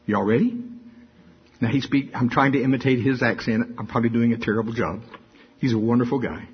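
An older man preaching a sermon full of stories, talking in an animated, folksy way that often repeats itself. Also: medium pitch, brisk, breathy edge, muffled recording. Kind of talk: sermon with storytelling.

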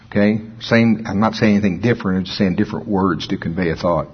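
Male preacher, husky, chatty sermon delivery, slows down to read scripture, slightly low voice. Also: dull audio. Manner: conversational, reads scripture slowly and deliberately. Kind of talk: informal sermon with scripture reading.

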